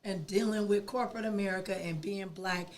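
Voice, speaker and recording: A woman's voice: medium pitch, a little fast. Emphatic woman telling her story. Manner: animated, emphatic, acts out quoted dialogue. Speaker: podcast guest. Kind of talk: emotional personal storytelling.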